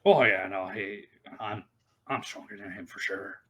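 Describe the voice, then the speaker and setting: A man's voice: lowish voice, unhurried, sharp tone, voice pushed down. A man voicing a boastful, proud male warrior who brags about his strength and complains about mages. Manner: boastful, indignant.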